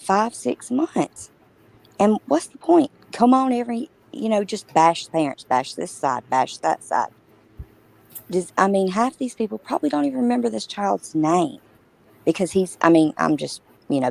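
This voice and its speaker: A woman's voice: medium pitch, gravelly, a little mellow, low-quality recording. A woman co-hosting a casual true crime livestream, talking emphatically and indignantly with many restarts.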